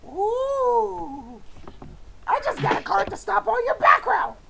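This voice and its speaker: A woman with a raspy voice, talking trash playfully and excitably while playing a card game, swearing as she goes. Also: very high-pitched, slow, a loud crowd, rough recording. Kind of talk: casual trash talk during a card duel.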